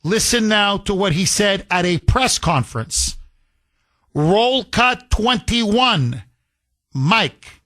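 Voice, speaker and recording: A man hosting a talk radio show, his voice high and bright, swinging widely in pitch. He fires off sarcastic rhetorical questions and hammers his points with repetition. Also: lively intonation, takes it slowly. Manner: emphatic with repetition. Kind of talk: political talk radio monologue.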